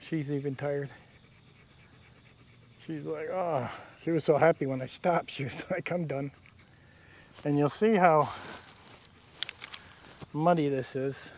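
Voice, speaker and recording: This outdoor vlogger's voice sits a little high and darkish, steady in tone, unhurried and full of pauses. He rambles easily to camera while camping by a river in damp woods, with faint crickets and insects audible behind him.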